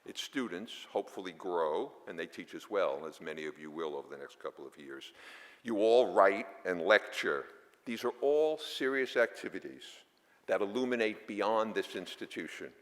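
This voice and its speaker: A man delivers a formal welcome speech in a very low voice, dropping in dry, wry asides. He often stumbles and restarts his words. His voice carries the long reverb of a large auditorium. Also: lively intonation, normal speed. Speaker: foundation board chair giving greetings.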